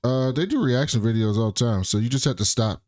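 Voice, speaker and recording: A man's voice: medium pitch, a little fast, a little mellow, no room sound, clean studio sound. A man co-hosting a casual reaction chat, blunt and profane, often incredulous. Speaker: podcast co-host.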